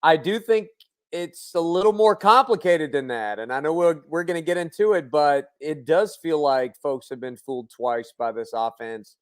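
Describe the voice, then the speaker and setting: A man co-hosting a sports talk radio show, talking fast and animated with plenty of fillers. His voice sits a bit on the high side. He sounds casual and quick.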